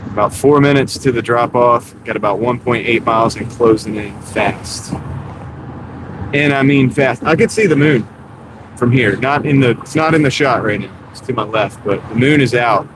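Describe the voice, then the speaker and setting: At a normal pace and mid-range pitch, this delivery driver from North Carolina talks casually to his stream viewers while on the road, relaxed and full of "dude." Car road noise runs underneath his wireless clip-on mic.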